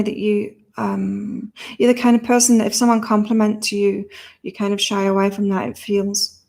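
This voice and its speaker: A woman's voice: medium pitch, gravelly, darkish tone. Woman with a half-British, half-Australian accent. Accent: mix of British and Australian. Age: 50s. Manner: chatty, reading viewer comments aloud. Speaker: psychic reader hosting a live stream. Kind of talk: live-stream chat with tarot readings. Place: home in southern Thailand.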